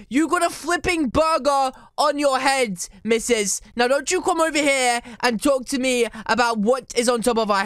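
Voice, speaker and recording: A woman giving energetic, playful commentary over a video game, teasing and mock-outraged, laughing often. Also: high voice, dry recording, clean studio sound. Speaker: gaming YouTuber.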